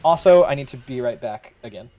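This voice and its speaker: Halting woman gamer with lively pitch. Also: crowd noise. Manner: hesitant, halting. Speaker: co-op gaming partner. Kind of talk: casual gameplay chat.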